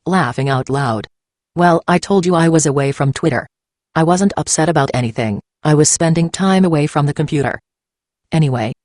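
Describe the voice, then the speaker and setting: A man's voice: a little high, moderate pace, darkish tone, dry recording, studio quality, voice pushed up, lightly acted. A man putting on a snide female commenter. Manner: snide, dismissive.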